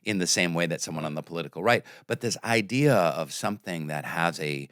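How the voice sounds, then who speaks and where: A middle-aged man hosting a podcast interview, reflective and chatty, chiming in with short affirmations and quick jokes. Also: low voice, animated, a bit bright, smooth, no echo, studio quality. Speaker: podcast host. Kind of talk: conversational interview.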